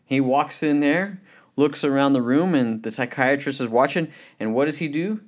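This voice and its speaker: A man delivers a motivational Christian talk at a mid-range pitch. He sounds earnest and conversational. He leans on "you know" fillers and brings his stories to life with quick acted voices. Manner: tells anecdotes with lively acted quotes. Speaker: speaker.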